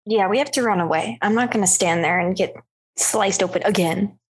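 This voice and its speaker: A young woman in casual chat, animated and quick to object and argue her point. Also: medium pitch, husky.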